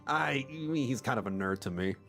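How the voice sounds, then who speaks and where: Animated, laughing game streamer. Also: mid-range voice, brisk, faint music behind. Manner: animated, reactive, laughs often. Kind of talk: livestream gameplay commentary.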